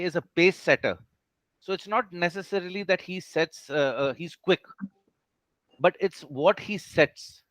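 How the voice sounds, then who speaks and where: Guy teaching an online class, kinda high voice, patient explainer, keeps checking in with students, dry sound. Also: fairly bright tone, no room sound.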